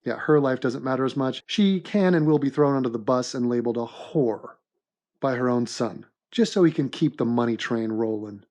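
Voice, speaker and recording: A man hosting an animated comedy commentary in a mock-serious, deadpan sarcastic manner. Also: mid-range voice, normal speed. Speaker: host and narrator of an animated commentary.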